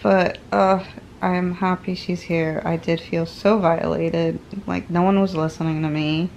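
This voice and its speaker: A woman's voice: on the low side, level tone, unhurried, creaky, darkish tone, a little hiss or hum. A woman vlogger resting at home after a medical procedure, sore and telling the story frankly and with animation. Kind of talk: casual chat to camera.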